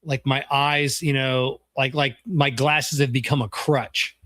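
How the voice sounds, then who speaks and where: A man with a mid-range voice co-hosts a relaxed podcast and rambles through his stories in a halting way. The recording is dry and close. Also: medium pitch, no echo. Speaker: podcast co-host. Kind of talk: casual chat.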